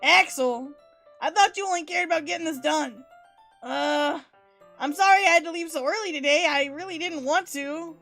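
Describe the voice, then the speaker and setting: A woman's voice: high-pitched, normal speed, fairly bright tone, soft background music. A woman reading as a prickly shy teen girl. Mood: flustered. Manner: read aloud casually from game text.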